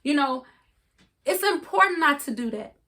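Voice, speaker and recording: A woman's voice: sits high, lively intonation, moderate pace, bright, forceful tone. A woman co-hosting a casual chat, giving earnest, coaching advice and laughing often. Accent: regional accent. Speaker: podcast co-host.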